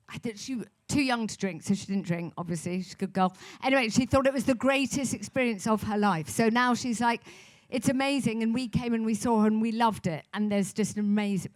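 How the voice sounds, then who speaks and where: A woman's voice: on the high side, a bit bright. A middle-aged woman, a guest on a festival stage, talking in a chatty, rambling, self-deprecating way into a stage microphone. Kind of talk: live on-stage conversation. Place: festival stage before an audience.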